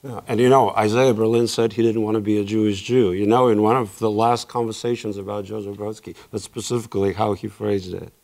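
A man hosts the question period at a book talk, and his voice sits on the low side. He often breaks in politely and hesitates with frequent fillers while he frames his points. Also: flat delivery, brisk, creaky, hardly any pauses, a little mellow. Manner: hesitant, many uhs, polite interjections. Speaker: moderator and teacher. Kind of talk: hosting a Q&A.

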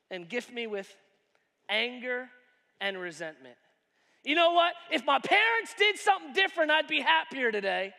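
A man with a very high, bright voice preaches a sermon to his church. He swings between loud, excited shouting and quiet, drawn-out asides. A long reverb trails his words around the auditorium. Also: creaky. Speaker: pastor.

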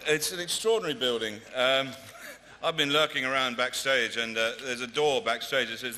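A male comedian presenting an award at a ceremony in a large converted hall, delivering dry, deadpan, mock-pompous stand-up. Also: medium pitch, normal speed, pauses often. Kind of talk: stand-up style presentation speech. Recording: reverberant hall with faint noise.

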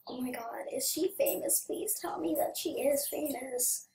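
Excitable high-voiced female gamer, slow talk. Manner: excitable, chatty, drops to whispers while typing. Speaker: gaming channel host. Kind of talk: casual gaming commentary.

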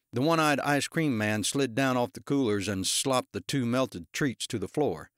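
Male audiobook narrator, even delivery, medium pitch, dry sound. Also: moderate pace, hardly any pauses, dry recording. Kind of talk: scripted narration.

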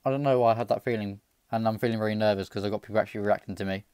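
A man with an English accent hosting a casual reaction video, excitable and self-mocking with quick jokes. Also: lowish voice, smooth, dry recording, studio quality. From England. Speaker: YouTube gaming channel host.

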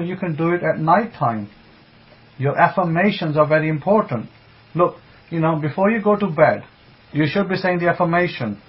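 A man teaching a Bible sermon, emphatic, with rhetorical questions and repeated phrases, greeting online listeners as he goes. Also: a little high. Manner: greets online listeners by name mid-talk. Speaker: religious teacher. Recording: dull lo-fi sound.

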